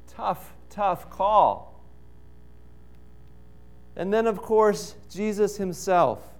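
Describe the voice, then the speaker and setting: A male pastor delivers his sermon at an unhurried, deliberate pace. His voice sits fairly high and comes across smooth and resonant. He leans into phrases with emphatic pauses. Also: animated, a little mellow. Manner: slow, emphatic preaching with dramatic pauses.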